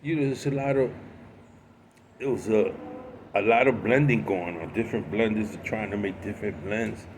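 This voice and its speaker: A man's voice: on the low side, normal speed, background noise. A man from the Bronx, casually telling a story in rambling streetwise slang, sitting outdoors. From Bronx, New York. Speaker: cigar vlogger. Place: outdoors with his dogs.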